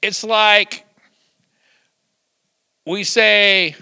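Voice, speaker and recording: A man's voice: high voice, very slow, gravelly, clean tone, no echo. An older man preaching a sermon, telling stories with chuckles and acting out the quotes. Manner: lively storytelling with chuckles and acted-out quotes. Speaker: pastor.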